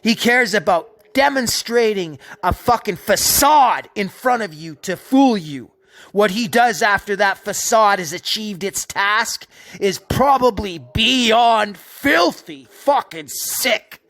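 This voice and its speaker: A man rants in an angry, contemptuous commentary that is heavy with swearing. He drags out his words slowly and with emphasis. He keeps hammering every point home. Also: high-pitched, lively intonation, fairly bright tone. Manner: profane, contemptuous, slow and emphatic. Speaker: video narrator.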